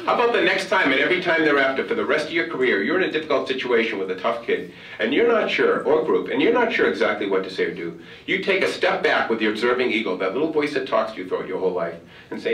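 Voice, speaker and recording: Guy telling funny story at a keynote, kinda low voice, roomy distant sound. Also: quick pace. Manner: animated storyteller, acts out dialogue, humorous. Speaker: keynote speaker. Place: large conference hall. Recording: roomy hall, far from mic.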